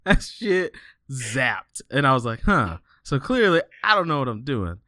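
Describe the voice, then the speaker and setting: A man hosting a casual podcast, reading headlines and telling stories in an animated way, swearing freely and laughing often. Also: medium pitch, moderate pace, dry recording, studio quality. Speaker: podcast host.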